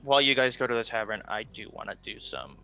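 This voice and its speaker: A man playing in a tabletop game, teasing the others and talking in a lively way. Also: fairly low pitch, fast talker, creaky, dull audio. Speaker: player. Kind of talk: casual tabletop play.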